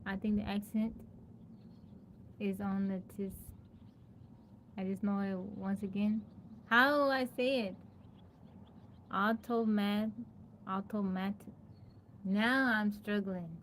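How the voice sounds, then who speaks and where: A woman with a twang chats on her live stream in a middle-pitched voice, playful and quick to laugh. She keeps sounding out one tricky word, syllable by syllable. A faint hum sits behind her voice. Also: fairly even intonation, a bit bright. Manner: playful, laughs often, thanks viewers by name; sounds out a hard word again and again. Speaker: livestreamer. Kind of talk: casual live-stream chat.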